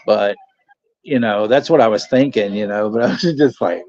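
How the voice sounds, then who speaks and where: A man's voice: fairly low pitch, normal speed, darkish tone. Laughing, swearing man telling stories. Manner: laughs through his anecdotes, swears freely. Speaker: watch party host. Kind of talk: casual storytelling chat. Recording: dull lo-fi dry sound.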